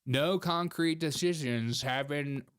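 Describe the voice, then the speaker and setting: Sarcastic, slightly high-voiced male host. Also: takes it slowly, fairly bright tone, smooth. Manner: sarcastic, mocking, laughs often; reads viewer chat aloud. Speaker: live stream host. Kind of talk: casual live-stream chat.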